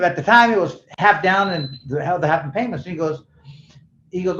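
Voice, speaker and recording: A man's voice: a little high, fast talker. A man in his sixties, a former boxing champion, telling stories in a casual interview and acting out the dialogue with slang. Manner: animated storyteller who acts out dialogue, with slang and swearing. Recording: roomy, slightly dull sound.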